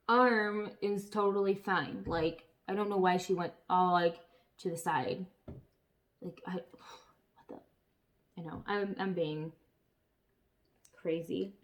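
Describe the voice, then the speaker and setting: A woman chatting casually to camera as a vlogger, telling stories in an animated way with some swearing. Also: mid-range voice.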